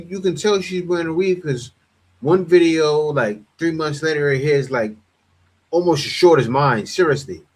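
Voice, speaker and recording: Male commentary host, husky and a bit high, blunt and animated. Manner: blunt, animated, repeats words. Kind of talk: casual reaction commentary.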